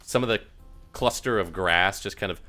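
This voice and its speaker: A man's voice: low-pitched, moderate pace, bright, forceful tone, soft background music. Man rambling as tabletop game master. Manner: rambling, filler-heavy description.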